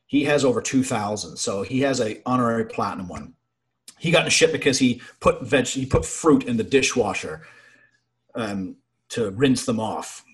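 A young man telling profane, animated stories from his naval service in casual chat. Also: mid-range voice, moderate pace.

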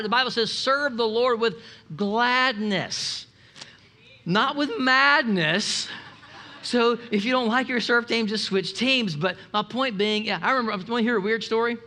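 A man with a high, bright voice preaches to his congregation. He talks in an animated way, breaks into asides and acts out little quotes. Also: unhurried. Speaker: pastor. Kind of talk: sermon.

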